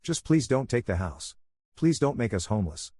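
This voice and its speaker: A man's voice: mid-range voice, sing-song, a little mellow, no echo, clean studio sound. A man voicing a desperate middle-aged woman who begs and pleads through tears in a spoken story. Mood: pleading. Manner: begging, tearful, rushed.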